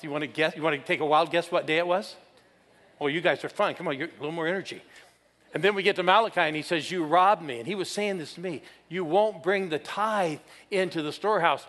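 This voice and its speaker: A man preaching a sermon in a church, energetic and calling on the congregation to answer him. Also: a little high. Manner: energetic, calls for crowd responses. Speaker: guest preacher. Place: church sanctuary. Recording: church hall reverb.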